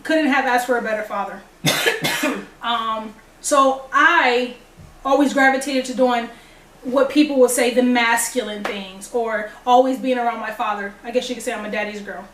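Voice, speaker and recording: A woman's voice: on the high side, moderate pace. A young woman telling a personal story to the camera, acting out the dialogue as she goes. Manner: animated, acts out dialogue. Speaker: vlogger. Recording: echoey room, distant mic.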